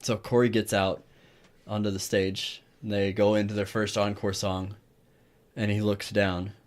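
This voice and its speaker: Lower-voiced man telling a story. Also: level tone, measured pace. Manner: storytelling, swearing, teasing. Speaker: podcast co-host. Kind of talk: casual podcast chat.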